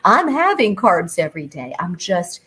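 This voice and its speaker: A middle-aged woman hosting her own podcast, talking chattily with animated emphasis and playful asides. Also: on the low side, moderate pace, husky, low-quality recording. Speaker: podcast host. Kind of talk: solo podcast talk.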